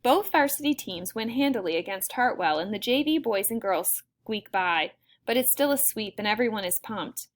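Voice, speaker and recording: A woman narrating a first-person novel as an audiobook, in an expressive way. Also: mid-range voice, moderate pace, few pauses.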